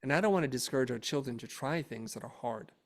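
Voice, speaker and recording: A man's voice: mid-range voice, fast. A middle-aged man, an interview guest, telling a casual family story and acting out the dialogue animatedly. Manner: animated, acts out dialogue in raised voice.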